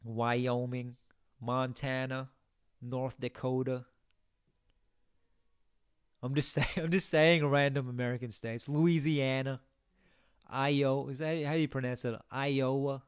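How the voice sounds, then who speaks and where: Chatty man streaming with a clear voice. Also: mid-range voice, steady tone, a little slow, pauses often, no room sound, clean studio sound. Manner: chatty, reads viewer comments aloud, muses to himself. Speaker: game streamer. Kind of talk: casual live-stream chat.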